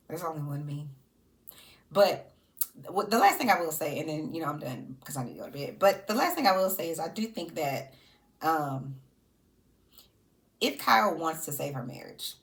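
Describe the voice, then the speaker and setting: A woman's voice: low voice, gravelly. A woman giving casual, sassy reality TV commentary. She laughs often and talks to her subjects directly.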